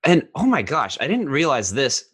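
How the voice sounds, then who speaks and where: A man talking casually about a movie, enthusiastic and jokey, with quick bursts of excitement. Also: mid-range voice, breathy edge, no echo, studio quality. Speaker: co-host discussing a film. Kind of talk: casual film discussion.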